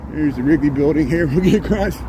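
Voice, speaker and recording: A man's voice: fairly high pitch, fast. A man narrating a live stream as he walks city streets, chatting and greeting viewers by name, recorded on a handheld phone. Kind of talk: casual live-stream narration while walking. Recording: loud street traffic noise.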